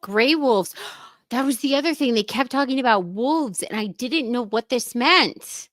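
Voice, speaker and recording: Woman, excited casual stream chat, bright tone, quick bursts, swearing. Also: on the high side, dry recording. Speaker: stream co-host.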